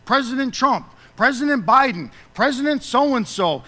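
A man preaching a sermon as pastor, emphatic, rising loud and dropping soft. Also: sits high, lively intonation, normal speed, big-room sound.

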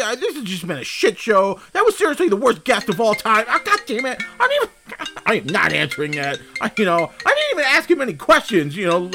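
A male podcast host in a comedic call-in bit, exasperated, cursing and sarcastic. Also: sits high.

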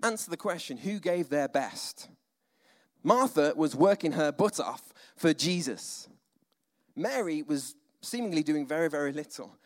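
A male preacher giving a conversational, animated sermon, full of asides and dramatic sighs. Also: a little high, measured pace. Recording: long hall reverb.

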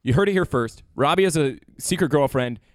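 A man co-hosting a comedy podcast, chatting in an excitable, teasing, rambling way. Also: on the high side, brisk, no echo, studio quality. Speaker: podcast co-host. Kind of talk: casual comedic chat.

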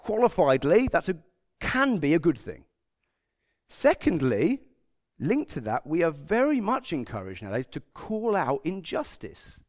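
A man's voice: fairly high pitch, moderate pace. A man from Britain giving a conversational sermon, acting out quotes as he goes. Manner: conversational, animated, acts out quotes. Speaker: preacher.

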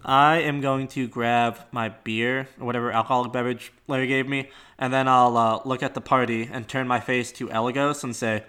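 A man's voice: mid-range voice, fairly even intonation, fairly quick, hardly any pauses, bright, forceful tone, clear, resonant tone. Playful man at a game table. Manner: playful, hesitant questions. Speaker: player.

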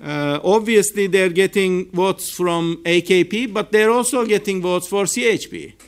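Turkish-accented male researcher, slow deliberate seminar delivery, slightly higher voice, full of ums. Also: clear, resonant tone. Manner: measured, hesitant with frequent fillers. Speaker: political science researcher. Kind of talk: academic seminar talk. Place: seminar room.

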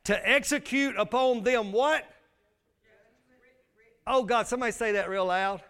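A man's voice: very high-pitched, a little slow, a bit bright, clean tone. A male pastor, preaching a sermon with emphatic call-and-response.

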